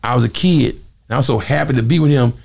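A man who is a former singer, telling lively stories in an interview and acting out the voices of other people in them. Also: gravelly. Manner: quick, lively storytelling, acting out quoted voices with big jumps in pitch. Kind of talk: animated storytelling interview.

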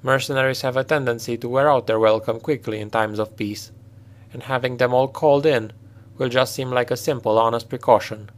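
A man's voice: medium pitch, fairly even intonation, fairly quick, lightly acted. A man doing a blunt mercenary captain. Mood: commanding.

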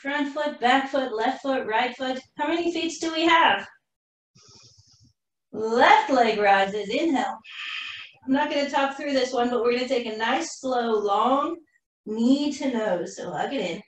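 A woman teaching a live yoga class, cueing poses calmly while doing the flow herself and running out of breath. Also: fairly high pitch, a little slow. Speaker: yoga instructor. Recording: roomy echo from far off the mic.

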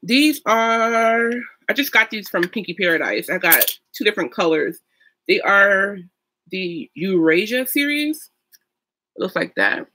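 Young female beauty vlogger, bright tone, chatty and effusive; casual get-ready-with-me talk. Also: mid-range voice, big pitch swings, a little slow, slight background noise. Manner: chatty and gushing, with fillers and sung sounds.

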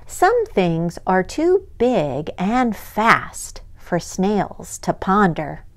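Woman librarian, children's storytime reading, very slow, lively sing-song pitch, asks listeners questions.

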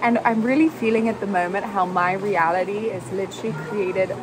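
Brief: young woman, phone-cam travel vlogger, excitable and chatty, speaking at a middling pitch with street noise clearly heard behind her. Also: a little fast. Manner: chatty and excitable, many "like"s and laughs. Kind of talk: casual travel vlog talk. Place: out and about in a city, in and out of doors. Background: street and traffic noise.

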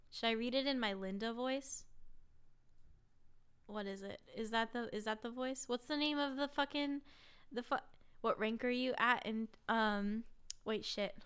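A woman streamer chats casually with her viewers, rambling and cursing freely. Her voice is bright, smooth and a little high. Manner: rambling, swearing, chatty with chat. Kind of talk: casual livestream chat.

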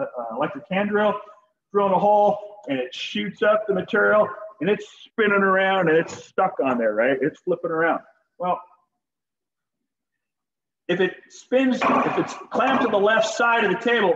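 A man's voice: high-pitched, a bit bright, roomy sound, highs cut off, a little hiss or hum. A man teaching a shop class in a folksy, joking way while demonstrating tools. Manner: folksy, joking, talks to students directly. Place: school workshop.

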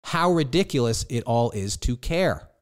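A middle-aged man hosting a podcast, talking listeners through relaxed advice in a playful, conversational way and speaking to them directly. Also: medium pitch, moderate pace, clean tone. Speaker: podcast host.

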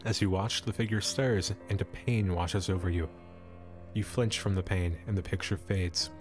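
A man's voice: low voice, steady tone, normal speed, soft background music. A man streamer reading an adventure storybook aloud, breaking off for playful asides. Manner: playful asides and laughs between narration.

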